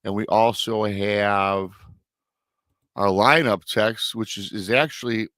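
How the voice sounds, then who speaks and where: A man's voice: on the low side, fairly even intonation, takes it slowly, a bit bright, no echo, studio quality. A man from Michigan hosting a live talk show, chatty and prone to restarts. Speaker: show host. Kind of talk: casual live-show chat.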